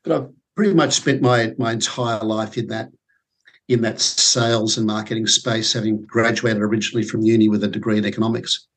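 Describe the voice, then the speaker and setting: A man's voice: lowish voice, steady tone, brisk. A man in his forties with an Australian accent, a guest on an interview podcast, talking things through with many fillers and repeated words. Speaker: podcast guest, sales consultant. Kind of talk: casual interview chat.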